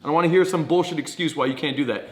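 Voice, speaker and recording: Male dating coach, slightly high voice, blunt pep-talk delivery with swearing, roomy echo. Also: very fast. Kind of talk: direct-to-camera coaching monologue. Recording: echoey room.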